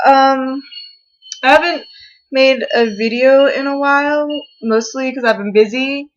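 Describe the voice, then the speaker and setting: A young woman talks into a camera mic in her bedroom, her confessional vlog full of fillers, restarts and halting turns. She sounds upset and close to tears. The recording is a little dull and lo-fi. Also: on the high side. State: tearful, upset. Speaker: vlogger.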